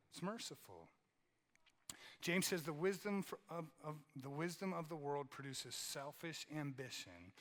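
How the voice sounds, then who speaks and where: A man's voice: mid-range voice, fairly bright tone, long reverb tail. A man preaching a sermon in a conversational way, often tagging lines with "right?" and repeating phrases for emphasis. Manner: conversational, keeps asking "right?". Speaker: pastor. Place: church sanctuary.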